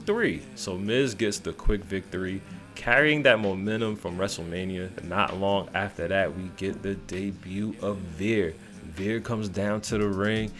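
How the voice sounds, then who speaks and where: Low-voiced man recapping wrestling. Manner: animated, playfully mimics wrestlers in quotes. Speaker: wrestling show reviewer. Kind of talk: casual recap commentary.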